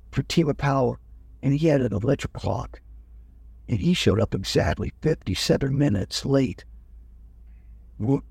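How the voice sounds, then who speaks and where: Older man with a gravelly, dark voice. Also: medium pitch, no echo. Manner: rambling, acts out quoted officers. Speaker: guest telling his life story. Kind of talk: casual storytelling.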